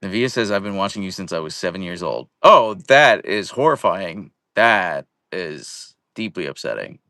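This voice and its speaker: Young man, casual live stream host, jokey and animated, low-pitched. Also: normal speed, no room sound, clean studio sound. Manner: playful, jokey, greeting viewers by name. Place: at home, indoors.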